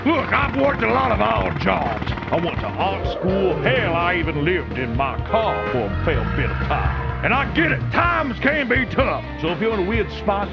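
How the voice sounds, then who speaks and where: A man with a high, gravelly voice delivers a sponsor read in a punchy pitchman style, his pitch bouncing around. The sound is dull and lo-fi, with music playing underneath. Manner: fast, emphatic pitchman delivery. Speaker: host reading a sponsor ad. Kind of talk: energetic ad read.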